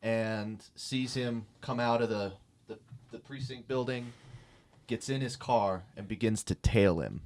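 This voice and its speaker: A man haltingly narrating his character's actions in a tabletop game. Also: mid-range voice, a little mellow. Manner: halting, many fillers.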